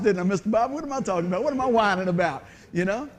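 A man preaching a sermon as pastor of a church, telling folksy stories with lively quoted voices. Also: sits high, very fast, few pauses, noisy background. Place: church sanctuary.

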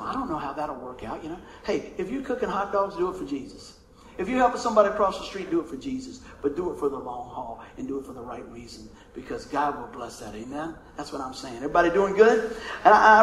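A middle-aged preacher with a drawl tells folksy, joking stories in a sermon, laughing as he goes. His voice sits high for a man. The sound is roomy and echoey, with a faint hiss of noise behind it. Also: fairly bright tone. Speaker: pastor. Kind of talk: storytelling sermon.

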